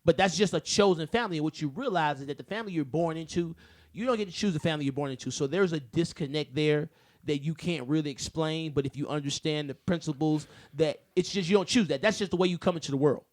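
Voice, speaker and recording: A man co-hosting a casual podcast chat, who talks in animated rants and breaks into loud shouting bursts. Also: a little high, fast. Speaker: podcast co-host.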